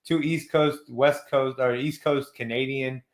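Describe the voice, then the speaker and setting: A man in his thirties from Texas, hosting a live chat show, talking in a loose, slangy way with swearing and quick laughs. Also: medium pitch, steady tone, roomy sound. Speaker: host. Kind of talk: casual chat.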